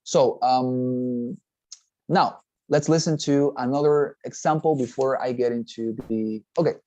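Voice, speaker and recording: A man's voice: medium pitch, measured pace, mellow, no room sound, highs cut off. A man teaching a test-preparation lesson, explaining step by step, often checking in with "okay?" and restarting phrases. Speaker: TOEFL teacher. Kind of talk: recorded class lecture.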